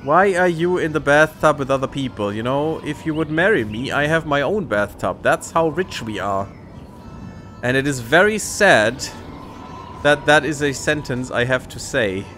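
A man's voice: on the high side, expressive, moderate pace, a bit bright, slight background noise. A man hosting a let's play, giving casual sarcastic commentary while he plays and swears freely.

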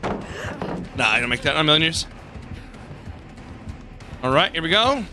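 Male gaming YouTuber, high voice, excitable play-by-play with swearing, faint game music behind. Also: measured pace. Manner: excitable, swears and laughs often. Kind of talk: casual gameplay commentary.

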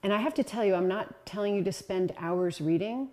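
A woman's voice: mid-range voice, a little fast, a little mellow. A woman presenting a talk with slides to an audience, conversational and encouraging, with frequent ums and uhs. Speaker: lecturer.

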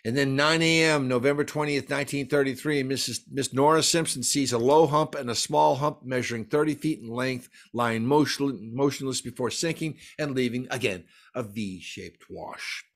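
A man's voice: mid-range voice, normal speed, few pauses. A man giving a folklore lecture at a library, enthusiastically reading out lists of dates and sighting reports. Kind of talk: lecture presentation.

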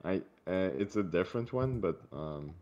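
A man's voice: deep voice, lively intonation, normal speed, a little mellow. A man running a tabletop game as dungeon master, talking hesitantly with frequent restarts. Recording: dull lo-fi mic, faint music.

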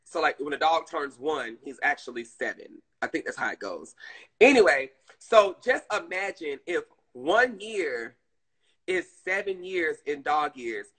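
A woman chatting casually on her live stream, animated and swearing freely, calling her viewers "girl". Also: deep voice, a little slow, husky, low-quality recording.

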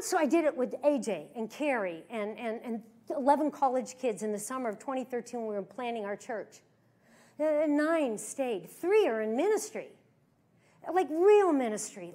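A woman giving a sermon as a guest preacher, telling stories with animated emphasis that swings from hushed to loud. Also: high-pitched. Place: church service.

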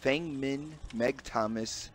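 A man's voice: medium pitch, slow, a little hiss or hum. A man hosting a casual game stream, chatting with friends and thanking viewers in chat. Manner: upbeat, talks straight to chat, brief laughs.

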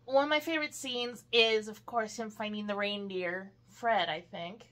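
A woman in a casual movie-review chat who adds short, halting remarks about favorite scenes. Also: medium pitch, steady tone, fairly bright tone.

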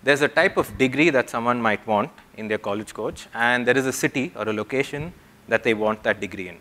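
A young man speaks at a tech conference, laying out ideas step by step for the crowd in a voice of middle pitch. He often pauses to check in with a short "yeah?" before moving on. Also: sharp tone. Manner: explanatory, checks in with the audience with "yeah?". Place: conference hall.

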